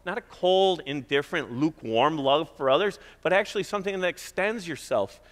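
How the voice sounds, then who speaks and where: A man's voice: on the high side, expressive, brisk. Middle-aged man preaching in a reverberant hall. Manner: conversational preaching with emphatic repetition. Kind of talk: sermon. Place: church.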